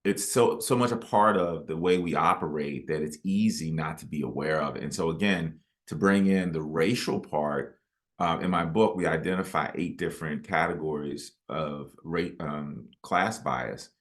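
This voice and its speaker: A man's voice: extremely low pitch, normal speed. A man, a guest author in a webinar interview, explaining his ideas with stories and asides.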